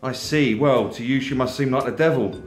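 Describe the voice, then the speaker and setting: A man's voice: medium pitch, a little fast, faint music behind, lightly acted. A man voicing a cheeky young man who teases his friend with pushy questions, in an echoey room. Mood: wry. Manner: teasing, prodding questions.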